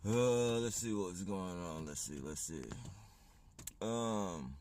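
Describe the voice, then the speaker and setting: A man's voice: deep voice, animated, slow pace, a little mellow, a little hiss or hum. A man chatting casually on a livestream, rambling and swearing, often laughing as he talks.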